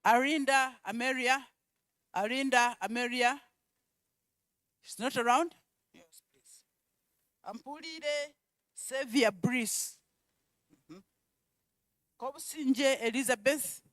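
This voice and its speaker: A woman presenting at a conference, calling out attendees' names one by one and repeating each, with quiet asides in between. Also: high voice, slow pace, pauses often, no echo. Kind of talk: roll call at a conference.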